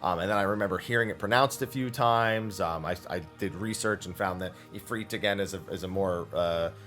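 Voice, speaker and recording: A man's voice: low-pitched, fairly quick, a bit bright, soft background music. A man hosting a weekly Q&A show, answering viewer questions in an enthusiastic, explanatory way, with long run-on thoughts. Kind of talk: casual Q&A explanation.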